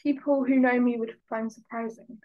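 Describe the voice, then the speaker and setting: A woman's voice: on the high side, steady tone, normal speed, phone-quality sound. A young woman from the UK, a podcast guest, talking hesitantly with lots of filler words. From United Kingdom. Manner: hesitant, lots of "like" and "I don't know". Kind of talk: casual interview chat.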